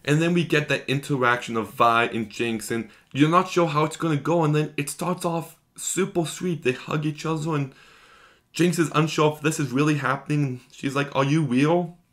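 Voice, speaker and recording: A man's voice: a little high, moderate pace, fairly bright tone. A man giving an enthusiastic, gushing episode recap as a video reviewer, talking in long run-on strings.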